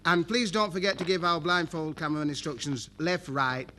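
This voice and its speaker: Chummy game show host. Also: male voice, a little high, fairly even intonation, fairly quick, sharp tone. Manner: jokey, chummy, calls everyone love and flower. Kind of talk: broadcast game show hosting. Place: TV studio with live audience. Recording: old broadcast tape with audience and hiss. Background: studio audience.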